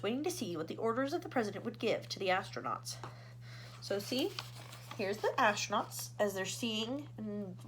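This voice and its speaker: A woman's voice: mid-range voice, a bit bright, slight background noise, poor audio. A woman teacher reading a children's storybook aloud expressively and asking her listeners questions.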